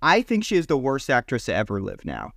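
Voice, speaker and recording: A man co-hosting a casual podcast chat, animated and mocking as he rants. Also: medium pitch, brisk, vocal fry, no room sound. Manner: animated, mocking movie lines in exaggerated readings. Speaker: podcast co-host.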